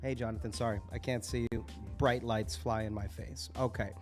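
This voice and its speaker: A man's voice: medium pitch, steady tone, normal speed, darkish tone, faint music behind. A man hosting a live open mic night, casual and hyped, swearing freely between acts. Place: live cafe event.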